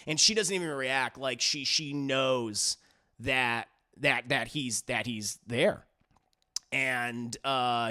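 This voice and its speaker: A man recapping an anime episode in casual, animated, profane talk, full of restarts. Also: on the high side. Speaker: TV reviewer. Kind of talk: casual first-watch recap.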